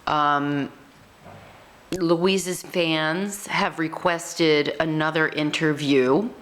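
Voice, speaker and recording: Slow-talking woman coaxing her dog. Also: sits low, steady tone. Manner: hesitant, full of ums, coaxing. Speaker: dog owner and playful interviewer. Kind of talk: casual home video chat.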